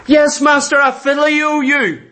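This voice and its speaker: A man's voice: very high-pitched, little pitch movement, unhurried, sharp tone, pitched above the performer's own voice, heavily acted. A man voicing the disciple Peter as a meek, sorrowful grown man answering his master. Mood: pleading.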